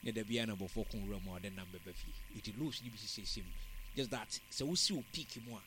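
A man giving football analysis on a sports talk show, in a measured, analytical way. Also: on the low side, a bit bright, slight background noise.

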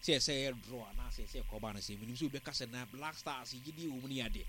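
A man giving football analysis on a sports talk show, in a measured, analytical way. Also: medium pitch, bright, forceful tone, slight background noise.

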